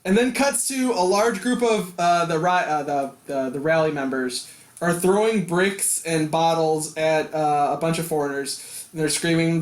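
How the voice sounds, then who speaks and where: A man's voice: a little high, unhurried. A man co-hosting a podcast, recapping a comic in a rambling, chatty way with lots of fillers. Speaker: podcast co-host. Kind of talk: casual chat recapping a comic. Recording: echoey room.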